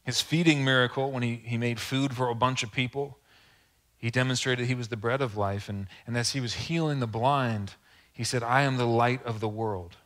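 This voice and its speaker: A man's voice: medium pitch, steady tone, moderate pace, a bit bright. Earnest, conversational male preacher. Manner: conversational, earnest, with rhetorical asides to the congregation. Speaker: pastor. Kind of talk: sermon.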